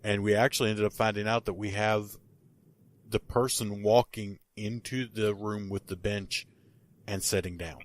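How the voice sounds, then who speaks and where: A man's voice: lowish voice, steady tone, normal speed. A man, a paranormal investigator, telling a story in casual podcast talk, rambling with many restarts and fillers.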